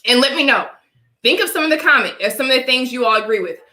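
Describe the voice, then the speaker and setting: A woman's voice: high-pitched, animated, quick pace, pushed and bright, echoey room, low-quality recording. A young adult woman with a dry cough from allergies, preaching her opinions to live chat and often asking "all right?". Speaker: vlogger talking to live chat. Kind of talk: casual opinion livestream.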